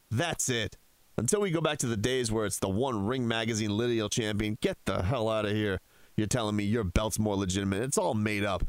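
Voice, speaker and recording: A man's voice: medium pitch, dry recording. A man hosting a sports talk radio show from a studio, ranting with heated sarcasm.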